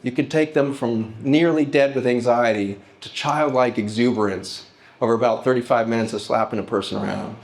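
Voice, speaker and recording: A middle-aged man speaking to a live audience at a festival, telling stories and slowing down to act out heartfelt pleas. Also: mid-range voice, a little hiss or hum. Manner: storytelling, slows and lifts his voice to act out pleas.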